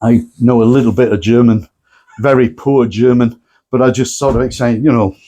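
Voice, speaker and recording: A man presenting at a club night, telling anecdotes in a lively way and acting out the people he quotes. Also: medium pitch, moderate pace. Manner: lively storyteller, acts out quotes.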